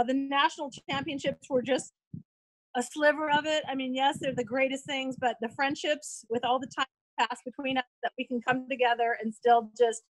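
A woman's voice: sits high, fairly bright tone, no room sound, poor audio. A woman, a former player, reminiscing gratefully on a video call.

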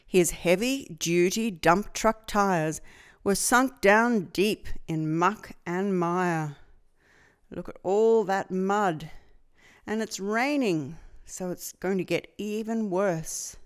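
A woman reading a children's picture book aloud, slow and expressive, pointing the listener to the pictures. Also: medium pitch, clean tone. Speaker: storyteller.

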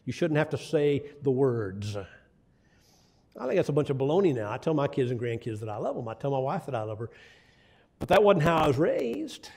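A man's voice: mid-range voice, sing-song, brisk, gravelly, a little mellow, slightly rough. An older man preaching a sermon, telling folksy stories with asides to the congregation. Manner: folksy storytelling with asides to the audience.

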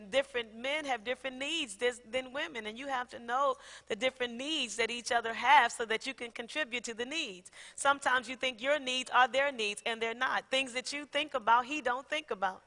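A middle-aged woman pastor preaches in a high, bright voice. She is animated, laughs often and acts out conversations. Her words ring with the long reverb of a large church hall. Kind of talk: sermon.

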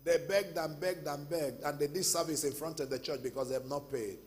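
A man with a Nigerian accent preaching a sermon as pastor, telling stories and breaking into shouts. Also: fairly high pitch, steady tone, brisk. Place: large church hall. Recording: long church hall reverb.

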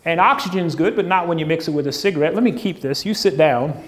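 A man's voice: on the high side, fast talker, slight background noise. A man preaching a sermon to a congregation, folksy and humorous, using props as object lessons and asking the crowd questions. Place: church stage before a congregation.

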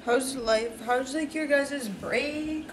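A young woman with a New Jersey accent chats on a phone livestream from her room, teasing and quick with filler words. Her voice sits a little high, and the home recording carries a clear layer of background noise. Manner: chatty, teasing, says "like" often. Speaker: livestream host. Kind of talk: casual livestream chat. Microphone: phone camera. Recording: noisy phone livestream audio.

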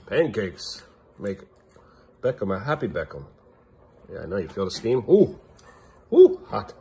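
A father talking straight into a handheld camera at home, his mid-pitched voice jumping up and down as he teases and coaxes his kids. He sounds casual and playful, with a faint hiss of background noise behind him. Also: sing-song, normal speed, darkish tone. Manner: playful, talks to his young sons in a teasing, coaxing way. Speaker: dad vlogging with his kids. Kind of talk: casual family vlog chat. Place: family home kitchen. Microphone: handheld camera filming himself.

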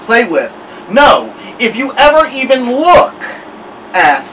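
A fierce storybook mother, as a man reads her, sugary and menacing at once. Her voice rides higher and swoops about with sweet-talk. It sounds a bit far from the mic over a faint air-conditioner hum. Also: big pitch swings, takes it slowly, heavily acted. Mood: threatening. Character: stern fierce mother, coaxing then threatening.

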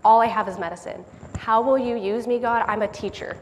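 A woman giving a sermon in a church hall, earnest and quick to laugh at herself. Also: a little high, steady tone, a little mellow, a little hiss or hum. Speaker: lay speaker giving a church message. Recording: long hall reverb, faint background ambience.

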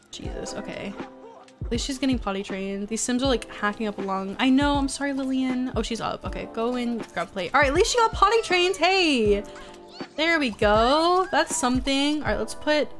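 A woman's voice: a little high, expressive, moderate pace, fairly bright tone, faint music behind. A young woman streaming a life-sim game, chatting casually and sounding exasperated as she pleads with her characters.

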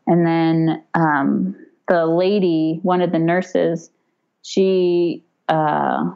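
A woman in her thirties tells a personal story in a relaxed, chatty way. Her voice sits a little low, and she often breaks into lively quoted voices. The audio sounds dull and lo-fi. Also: drawn-out words. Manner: animated, acts out quoted voices with raised pitch, frequent fillers and laughs. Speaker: podcast guest telling her birth story. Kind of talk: casual storytelling.

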